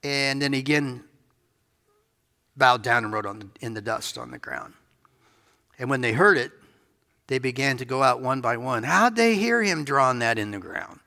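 Gravelly, bright-voiced man preaching in a hall. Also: medium pitch, lively intonation, moderate pace. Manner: conversational, musing, playful asides. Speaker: pastor. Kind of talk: sermon. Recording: reverberant hall.

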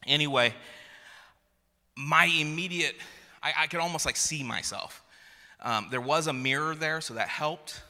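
A man in his thirties delivers a sermon with a slightly high, very bright, forceful voice. He talks slowly and stumbles into restarts as he tells a humorous family story. His voice rings out with the long reverb of a large hall. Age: 30s. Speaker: pastor.

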